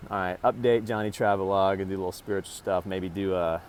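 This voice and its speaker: A man's voice: low-pitched, steady tone, fast, a little hiss or hum. A man rambling and swearing in a casual vlog, talking to his phone camera from a parked vehicle. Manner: rambling, profane, talks to camera in bursts. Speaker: vlogger.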